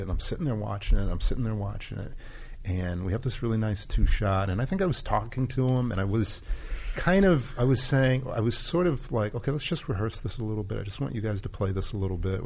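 Low-ish voiced director guy, thoughtful, rambles and restarts a lot. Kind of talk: casual chat.

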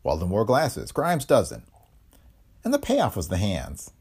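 A man doing a calm, smug detective laying out a case, bland and lecturing. The voice stays low, with pitch that rises and falls widely as he explains. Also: a little slow, breathy edge, full character voice.

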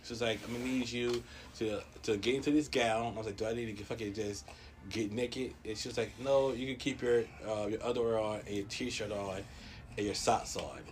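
A man telling a comedic story in casual talk, swearing a lot and jumping into a high voice when quoting others. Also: fairly quick, a little hiss or hum. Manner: profane, animated, acts out quotes in a high voice.

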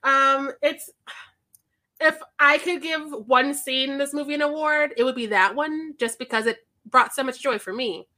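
A woman's voice: sits high, moderate pace. A woman in her thirties co-hosting a movie podcast, chatting casually, laughing often, swearing and acting out what characters said. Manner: animated, laughing, swears, acts out lines. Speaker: podcast co-host. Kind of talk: casual movie review chat.

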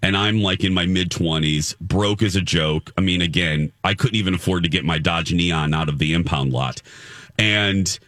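A man's voice: low-pitched, normal speed, a bit bright, no room sound, clean studio sound. A man hosting a show, telling a personal story in a rambling, earnest way with many restarts. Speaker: radio show host. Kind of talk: casual morning-show chat and storytelling.

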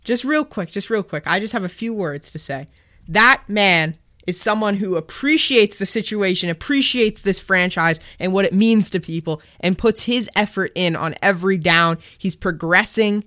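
A man's voice: high voice, normal speed, pushed and bright. Ranting man on a sports podcast. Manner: blunt, ranting, swears freely. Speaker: podcast co-host. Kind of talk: casual sports podcast chat.

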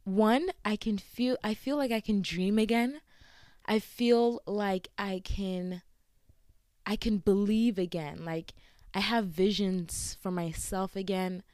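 A young woman talks through a casual solo podcast, chatty and quick to laugh. She acts out the lines she quotes with bright jumps in pitch. Her voice is smooth and clear, recorded close and dry. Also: no room sound. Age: young adult. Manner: chatty and giggly, with frequent laughs. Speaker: podcast host.

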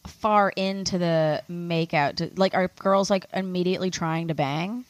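A woman's voice: lowish voice, fairly even intonation, measured pace, no echo. A young woman hosting a podcast, chatting candidly and casually with many "like"s. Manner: candid, laughing, lots of "like". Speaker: podcast host.

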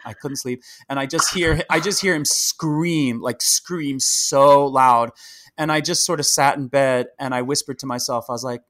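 A middle-aged man and Broadway actor, talking as a podcast guest in a chatty, animated way, full of fillers and restarts. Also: medium pitch, normal speed. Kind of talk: casual interview chat.

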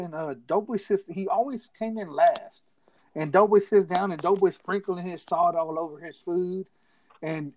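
A man's voice: sits high, no echo, poor audio. A man casually telling a rowdy story to friends, laughing often and acting out what others said. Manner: laughs through his story, acts out friends' lines.

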